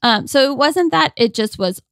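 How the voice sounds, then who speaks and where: A woman guest on a podcast, telling a personal story in a casual, animated way and acting out quoted lines. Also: high-pitched, normal speed, no room sound, clean studio sound.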